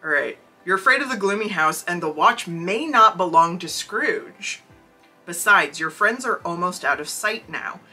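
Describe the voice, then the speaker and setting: A podcast co-host reads a story aloud and tosses in wry, jokey asides. The voice is husky and bright. The pitch moves about a lot. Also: animated, moderate pace, soft background music, low-quality recording. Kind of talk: casual chat and reading aloud.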